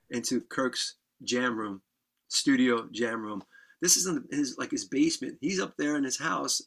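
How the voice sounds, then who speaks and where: Gravelly, bright-voiced man telling a rowdy story. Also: medium pitch. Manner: animated, swearing, laughing storyteller. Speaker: podcast guest, musician. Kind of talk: casual storytelling.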